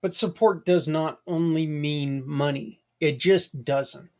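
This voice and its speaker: A man's voice: fairly high pitch, slow pace, a little mellow. Folksy man hosting a podcast. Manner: conversational, folksy, rambling with asides. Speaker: podcast host. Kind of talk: casual monologue.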